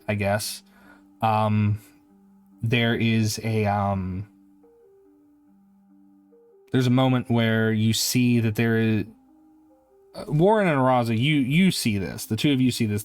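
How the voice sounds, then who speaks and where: A man's voice: on the low side, a little mellow. A man narrating a tabletop game as game master, hesitant and full of restarts.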